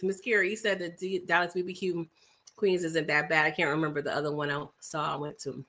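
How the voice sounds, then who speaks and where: With a deep yet bright voice and a fairly quick delivery, a New York City woman chats live with her stream, reading viewer comments. She laughs a lot, snacks between lines, and peppers the talk with lively asides to her audience.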